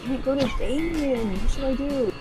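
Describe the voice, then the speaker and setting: A woman's voice: high voice, music in the background. A woman playing a game with friends, chatting casually and laughing easily. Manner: giggly, quick to laugh. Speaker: guest player. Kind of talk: casual gaming chat with friends.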